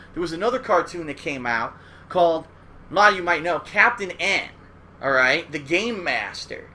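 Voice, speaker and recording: High, bright-voiced man ranting casually. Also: slight background noise. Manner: rambling, profane, keeps tagging "all right?". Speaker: host. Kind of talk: casual retrospective commentary.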